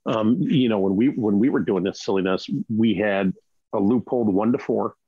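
Middle-aged man, gravelly, husky, casual rambling chat, muffled dry lo-fi sound. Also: lowish voice, moderate pace, no echo. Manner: rambling, frequent "right?" and restarts. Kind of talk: casual chat about rifle optics.

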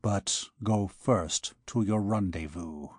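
A man's voice: deep voice, darkish tone, no room sound, studio quality, voice pushed down. A man reading an audiobook, voicing a sinister cloaked monk with a sepulchral voice, speaking coldly and bitterly. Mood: cold menace. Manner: slow, cold, bitter. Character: sinister cloaked male monk, cold and menacing.

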